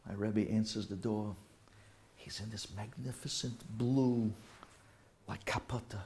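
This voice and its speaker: A man's voice: lowish voice, fairly even intonation, unhurried, darkish tone, slight background noise. A middle-aged man, a rabbi, telling a heartfelt story in a sermon, using Hebrew and Yiddish terms.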